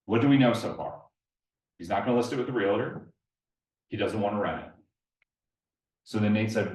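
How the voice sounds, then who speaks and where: A man's voice: on the low side, normal speed, long pauses, darkish tone. A man giving a live presentation at an investor meetup, telling stories and putting questions to the audience. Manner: storytelling, addresses the audience directly with questions. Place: meeting room with a live audience. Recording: echoey room, mic at a distance.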